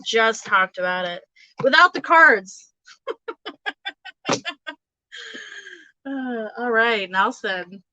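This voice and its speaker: A woman's voice: a little high, lively intonation, drawn-out words, long pauses, sharp tone, dull audio, slight background noise. A young woman giving a casual, chatty tarot reading, giggling often and speaking straight to her viewers. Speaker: tarot reader.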